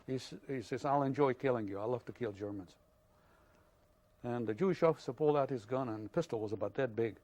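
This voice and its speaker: An older man tells his story in a halting, unhurried way, pausing often on fillers. He speaks at an ordinary middle pitch, as an interviewee recalling events from his own life. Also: dark tone. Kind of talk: oral history testimony.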